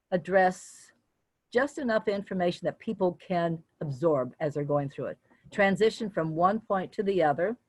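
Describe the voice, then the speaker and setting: An older woman giving an instructional talk on public speaking as a guest speaker, deliberately varying her pitch and loudness as she goes. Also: dry recording.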